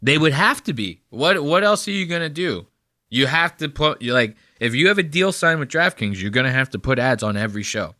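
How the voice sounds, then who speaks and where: A man's voice: a little high, lively intonation, a little fast, sharp tone, no room sound, clean studio sound. A man in his thirties from New Jersey, hosting a podcast with rambling, mocking commentary full of swearing. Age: 30s. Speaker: podcast host. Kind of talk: casual profane commentary.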